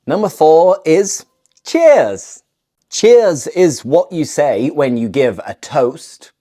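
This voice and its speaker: A woman's voice: low-pitched, very animated, slow, mellow. A British woman teaching English slang to camera in a playful manner, explaining each phrase and then modelling it. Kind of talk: scripted language lesson to camera.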